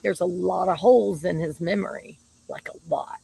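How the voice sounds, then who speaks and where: A woman's voice: lowish voice, moderate pace, gravelly, warm tone, slightly rough, no echo, low-quality recording. A woman talking casually about her partner, chatty and laughing often. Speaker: shaman. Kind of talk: casual monologue to camera.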